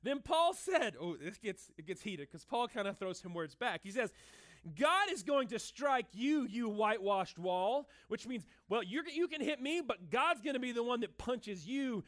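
A male pastor preaching a sermon in a lively, conversational, joking manner, in a room with an audience. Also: high-pitched, moderate pace, hardly any pauses. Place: room with cameras and a listening crowd.

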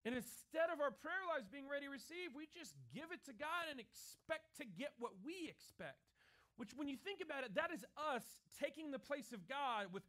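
A middle-aged man, a pastor, preaching a sermon in a conversational way, often adding "right?", and sinking to a quiet, intense voice for his key points. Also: very high voice, lively intonation, moderate pace.

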